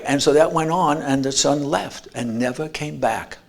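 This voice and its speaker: A man's voice: fairly high pitch, moderate pace, gravelly, hardly any pauses. A man giving an earnest motivational talk at an expo, telling stories and restarting words. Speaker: speaker. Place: expo lecture room.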